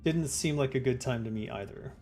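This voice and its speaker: A man streaming a game live, chatting casually and answering his chat in a relaxed way. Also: medium pitch, a little fast, a little hiss or hum.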